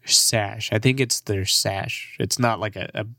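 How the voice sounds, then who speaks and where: A man's voice: fairly low pitch, normal speed, fairly bright tone, dry recording, studio quality. A young man in his twenties, a comedian, rambling casually in a profane, laid-back way and laughing often.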